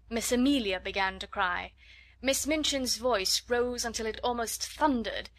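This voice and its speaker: A woman narrating a classic storybook in an expressive, measured reading. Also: a little high, no echo.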